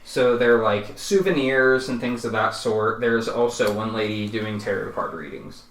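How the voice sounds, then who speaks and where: A man's voice: on the low side, moderate pace, a bit bright. A man narrating as game master in a casual tabletop game, talking loosely with many fillers. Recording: echoey room, distant single mic, faint hum.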